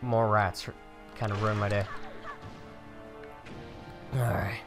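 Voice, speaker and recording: A man talks through his gameplay in a casual, chatty way, grumbling at enemies and poking fun at himself. His pitch sits in a middle range but jumps around a lot. Soft game music plays faintly underneath. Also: expressive, normal speed, long pauses. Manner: chatty, self-mocking, mild cursing at enemies. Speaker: let's play gamer.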